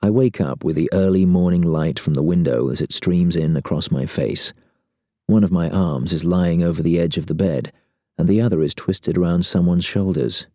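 A man narrating a first-person story in a wry, deadpan way. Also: deep voice, moderate pace, no echo, studio quality.

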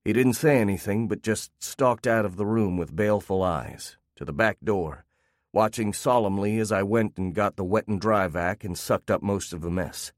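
A man narrating a first-person story in a calm, wry way. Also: lowish voice, normal speed, dry recording, studio quality.

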